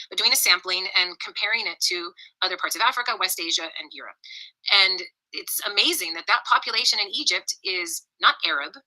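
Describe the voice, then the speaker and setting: A woman explaining in a measured, lecture-like way, with frequent ums. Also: mid-range voice, pushed and bright, rough recording. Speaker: scholar in a played clip.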